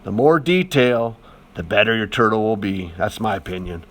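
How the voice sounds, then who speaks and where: A man's voice: on the low side, lively intonation, moderate pace, fairly bright tone. A man talking casually over a demonstration as an art teacher, chatty and encouraging, with lots of fillers.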